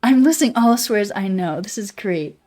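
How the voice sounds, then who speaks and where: A young woman with a soft, childlike voice, a little sick, chatting casually on a stream, reading chat and swearing offhandedly. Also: mid-range voice, lively intonation, normal speed, faint music behind. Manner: reads chat aloud, swears casually, sings snatches.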